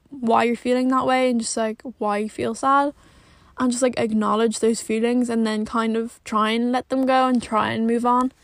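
A woman's voice: on the high side, creaky, no echo. A young woman, talking to camera from her car in a blunt, exasperated way, swearing often and filling her speech with "like.". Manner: blunt and exasperated, swears a lot, fills every pause with "like". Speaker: vlogger. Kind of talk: casual rant to camera. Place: sitting in a parked car.

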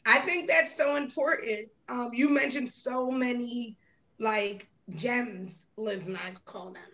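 A woman's voice: fairly high pitch, slow, sharp tone, poor audio. A woman co-hosting a podcast, speaking in a reflective, thoughtful way. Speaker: podcast co-host. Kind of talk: casual podcast chat.

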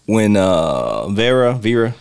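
Animated man retelling movie scenes. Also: on the low side, slow pace, clean tone, dry recording. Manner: animated, acts out movie quotes with laughs. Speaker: podcast host. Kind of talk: casual film discussion.

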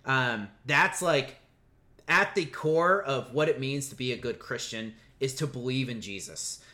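A man who is a pastor, talking through questions of faith in a relaxed podcast chat and often checking in with "right?". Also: mid-range voice, a little slow. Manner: thoughtful, explaining scripture with many fillers and restarts, "right?" checks.

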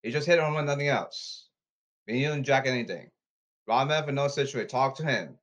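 A man rambling to his audience, reading rules off his phone and repeating himself insistently, with halting restarts. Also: medium pitch, a bit bright. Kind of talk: rambling monologue to camera.

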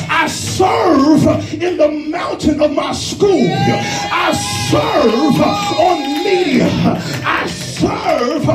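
A middle-aged pastor preaches with a very high, strained voice, shouting his lines slowly and with emphasis. He is heard from a distance in an echoing church sanctuary, with music and a responding congregation behind him. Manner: shouting, rhythmic preaching with repetition. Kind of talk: sermon. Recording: roomy church hall with live crowd and music, mic at a distance.

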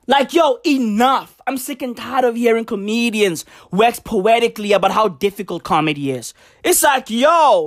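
A woman comedian delivering a profane, emphatic stand-up rant, hammering her points with repetition. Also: on the high side.

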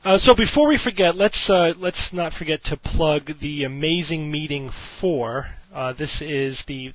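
A man's voice: a little high, no room sound. Thoughtful male podcast host. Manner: thoughtful, explanatory, with self-corrections. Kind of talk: discussion in a podcast interview. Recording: dull lo-fi audio.

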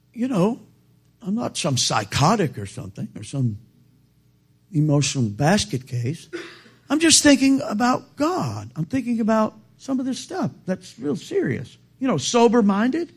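High, animated male preacher. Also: slightly rough. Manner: quotes King James scripture, calls for amens; halting restarts, rises to loud emphatic peaks. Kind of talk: sermon.

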